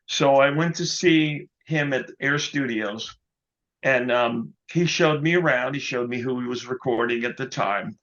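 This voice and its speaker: Guy musician telling a story on a podcast, mid voice, bit dull lo-fi sound, keeps saying you know. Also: mid-range voice. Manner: animated anecdote teller, quotes others, many "you know"s. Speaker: guest musician. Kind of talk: casual storytelling interview.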